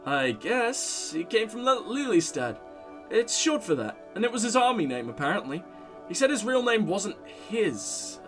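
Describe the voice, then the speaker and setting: A man's voice: high voice, sing-song, normal speed, over music. A man voicing a guarded young woman witness.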